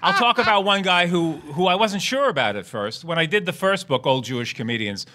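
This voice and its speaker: A man's voice: high-pitched, lively intonation, brisk, sharp tone. A man who is a podcast guest and illustrator, chatting casually, telling anecdotes and laughing often.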